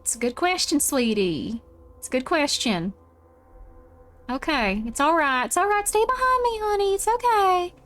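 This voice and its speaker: A woman voicing a gentle mother who softly reassures her frightened child. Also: very high-pitched, very animated, moderate pace, soft background music, exaggerated voice. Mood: soothing. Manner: soft, reassuring, coddling.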